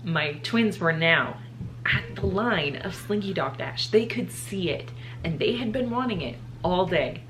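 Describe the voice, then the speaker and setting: A young woman vlogger telling a storytime, her voice sitting a little low. She is openly emotional, choking up and laughing through tears as she talks. A faint background hiss sits under the recording. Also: expressive, a little slow, a bit bright. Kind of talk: casual storytime.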